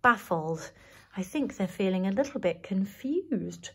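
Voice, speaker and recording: A woman teacher reading a picture book aloud to young children, animated and enthusiastic, often gasping in delight. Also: medium pitch, a little slow, husky.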